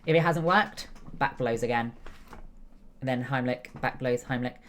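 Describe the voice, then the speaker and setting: A woman's voice: extremely low pitch, normal speed, slight background noise. A young woman streaming a game, chatting casually and explaining steps one by one with lots of fillers. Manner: explains step by step, many fillers, chatty asides. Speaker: streamer and nursing student. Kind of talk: casual chat while gaming.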